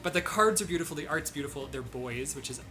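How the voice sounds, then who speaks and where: A co-host speaking in a casual Q&A chat, with quick, self-deprecating chatter. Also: medium pitch. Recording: faint music in the background. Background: faint background music.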